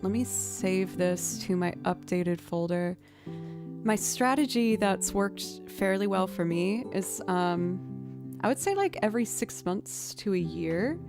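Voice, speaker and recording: A woman streamer chatting casually with her viewers between songs, thanking them and filling pauses with "um". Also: fairly low pitch. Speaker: streamer and musician. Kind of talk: casual live-stream chat.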